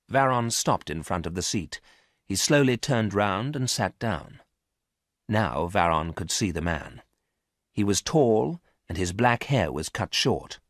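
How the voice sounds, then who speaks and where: Low-voiced man reading a story, close and dry. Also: expressive, measured pace, no room sound. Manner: clear, careful storytelling. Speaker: narrator. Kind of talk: scripted narration of a graded reader for English learners.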